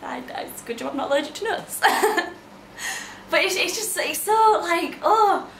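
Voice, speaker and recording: A woman's voice: very high voice, animated, a little slow, creaky, fairly bright tone, slight background noise. A young woman from England, chatting casually to camera as a vlogger, bubbly and full of exclamations. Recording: roomy echo.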